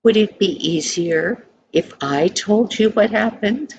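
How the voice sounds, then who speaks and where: An older woman voicing a kind, wise father who speaks calmly and questions gently. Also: medium pitch, slow, muffled recording, a little hiss or hum, pitched above the performer's own voice. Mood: gentle.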